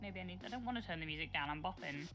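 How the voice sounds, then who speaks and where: A woman with a Northern English accent from near Sheffield, chatting casually on a livestream, blunt, sweary and quick to laugh. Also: fairly low pitch, expressive, music in the background. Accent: Northern English, Sheffield area. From northern England, near Sheffield. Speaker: co-streamer guest.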